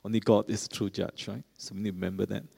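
Middle-aged pastor preaching in a reverberant church. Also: male voice, fairly low pitch, flat delivery, fast, creaky, dark tone, husky. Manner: conversational preaching with asides to the congregation. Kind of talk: sermon. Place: large church. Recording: long reverb of a large church.

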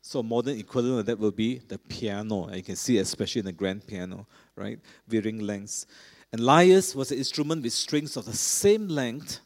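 A man preaching a sermon in a cathedral, earnest, often pausing with fillers and restarting his phrases. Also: fairly low pitch, animated. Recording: long hall reverb.

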